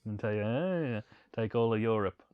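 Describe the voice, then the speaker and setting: A man joking his way through a film commentary with dry, deadpan quips. His pitch moves about a lot, and the recording is dry and close with no room sound. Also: measured pace, clean tone, no room sound, narrow, tinny audio.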